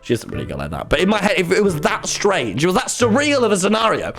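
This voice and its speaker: A young man chats to his stream audience in a lively, fairly high voice that swings up and down a lot. He's excitable and jokey, swears freely and breaks into loud high shouts. Faint music plays underneath. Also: fast talker. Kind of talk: casual storytelling to a live chat.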